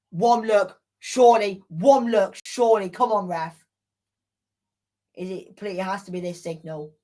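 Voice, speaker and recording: A woman hosting a live football watchalong, commenting in an excitable, exclamatory way with indignant rants. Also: medium pitch. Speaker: watchalong host.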